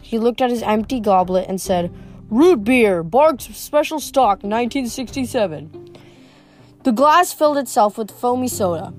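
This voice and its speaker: Woman reading a novel aloud, stumbling. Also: mid-range voice. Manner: unpolished reading with frequent slips and restarts. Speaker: reader.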